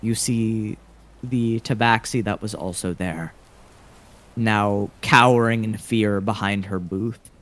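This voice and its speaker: Male game master, low voice, unhurried dramatic narration. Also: steady tone, fairly bright tone. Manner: measured, dramatic scene-setting.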